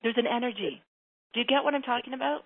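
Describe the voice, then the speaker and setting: A woman's voice: fairly high pitch, fast, breathy edge. Emphatic woman coaching over tinny line. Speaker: relationship coach. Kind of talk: radio advice call. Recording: tinny phone-like broadcast.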